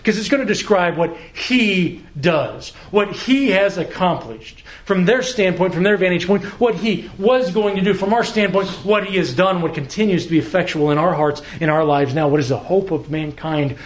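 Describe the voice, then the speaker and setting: With a high voice, a pastor preaches earnestly. He tends to slow down when stressing a point, and at times he repeats words as he reaches for them.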